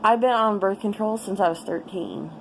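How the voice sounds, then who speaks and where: A woman's voice: medium pitch, normal speed, a little hiss or hum, low-quality recording. A young woman giving a casual personal update, rambling and frustrated, swearing freely as she vents. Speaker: vlogger.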